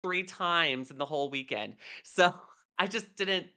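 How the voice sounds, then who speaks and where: Woman in her thirties, podcast co-host, rambling anecdotes, bright smooth tone. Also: lowish voice, unhurried. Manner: rambling storyteller, many fillers. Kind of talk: casual chat.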